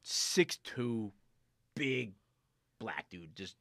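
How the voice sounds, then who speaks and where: Man, guest on a podcast, very lively pitch, bright edge, dry close sound, swears, acts out quotes. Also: drawn-out words, no echo. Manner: animated storyteller, swearing, acting out quotes loudly. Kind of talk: casual chat.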